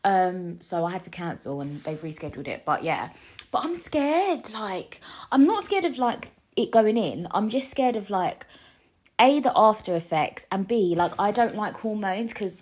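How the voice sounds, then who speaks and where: A woman's voice: mid-range voice, sing-song, moderate pace, darkish tone. A woman hosting her own podcast, chatting in a confiding way with many restarts and a lingering cough, recorded in a living room. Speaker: podcast host. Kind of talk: casual solo podcast chat.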